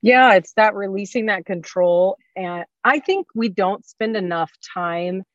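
A woman's voice: mid-range voice, measured pace, no room sound. Affirming woman interviewer, dull lo-fi sound. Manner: warm affirming backchannel, reflective. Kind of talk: casual conversational interview. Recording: slightly dull dry sound.

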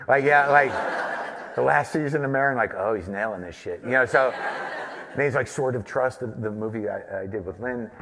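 A man's voice: mid-range voice, fairly even intonation, normal speed, creaky, crowd noise. A man from New Mexico, a guest at a live podcast taping, telling a long, rambling, profane story. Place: live stage taping before an audience. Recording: long hall reverb.

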